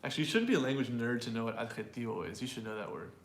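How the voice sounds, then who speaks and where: Male teacher running a live pronunciation class, chatty explainer, medium pitch, recorded with room echo. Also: animated, rapid-fire. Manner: explanatory, repeats and restarts words.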